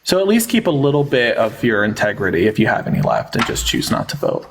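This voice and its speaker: A young man from rural Pennsylvania hosting a debate livestream, combative and quick, laughing often. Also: on the low side, huge pitch swings, gravelly, background noise.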